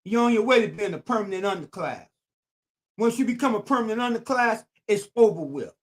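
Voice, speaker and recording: A man's voice: high-pitched, animated, brisk. Older man preaching in AAVE. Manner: preachy, repetitive, emphatic. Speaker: YouTube channel host. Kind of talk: streetwise commentary monologue.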